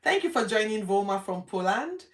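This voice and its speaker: A woman from Nigeria casually retelling Bible stories from her home study, acting out the characters' lines with lively jumps in her voice. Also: mid-range voice, moderate pace, far from the mic. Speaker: host of a Bible reading show. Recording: roomy, from off the mic.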